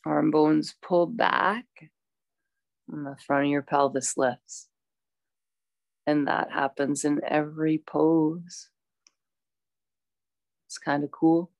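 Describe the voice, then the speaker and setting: A woman teaching a yoga class, calmly cueing poses and breaths with chatty asides. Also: low-pitched, slow, creaky, pauses often, no room sound. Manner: calm, instructive, chatty asides.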